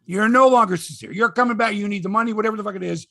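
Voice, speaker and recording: A man's voice: sits high, very fast, a bit bright, no room sound, clean studio sound. A man hosting a sports podcast, ranting in casual chat, swearing and acting out quotes in voices.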